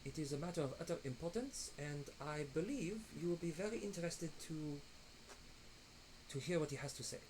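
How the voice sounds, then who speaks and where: A man voicing a brisk, formal female elf agent in a tabletop game, with faint background noise. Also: a little high, animated, a little mellow, pitched above the performer's own voice, lightly acted, poor audio. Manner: stiff, formal, then flustered whispering.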